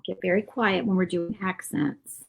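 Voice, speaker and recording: A woman hosts a relaxed craft painting tutorial. Her voice sits at an ordinary mid pitch. She talks in a loose, rambling way, thinking out loud and filling pauses with little asides. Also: gravelly, a little hiss or hum, poor audio. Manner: chatty and rambling, thinks aloud with fillers and asides. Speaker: craft channel host. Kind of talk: casual painting tutorial chat.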